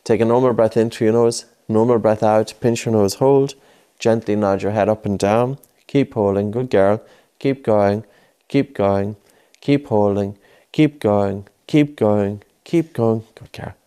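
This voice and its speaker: Low, mellow-voiced male breathing coach. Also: steady tone, a little slow, smooth. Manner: patient, coaxing, repeats cues. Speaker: breathing instructor. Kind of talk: guided breathing lesson with a child.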